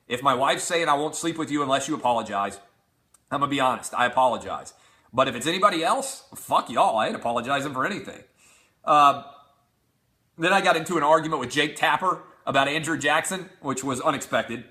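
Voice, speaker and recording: A middle-aged man hosting a talk show, with a bright, forceful voice pitched slightly high. He reads out insulting messages and answers each one with sarcastic, profane mockery. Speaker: host. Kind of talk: reading out hate tweets.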